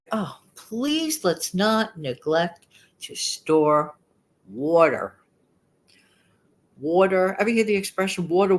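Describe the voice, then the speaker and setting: Chatty older woman with a New York accent, slightly low voice, rambling and emphatic delivery. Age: 60s. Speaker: frugal living vlogger. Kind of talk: casual chat to camera.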